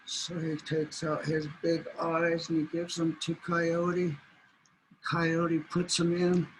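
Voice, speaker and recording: A man telling a traditional animal story aloud in a slow, deliberate way. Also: fairly high pitch, monotone, slight background noise, rough recording. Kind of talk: oral storytelling.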